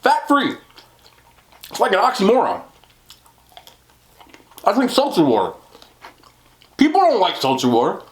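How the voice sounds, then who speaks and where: A man's voice: high voice, huge pitch swings, measured pace, pauses often. Chatty young man eating on camera, roomy sound. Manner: chatty and self-deprecating, laughs often, talks while eating. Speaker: mukbang vlogger. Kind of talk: casual eating vlog chat. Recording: roomy home recording.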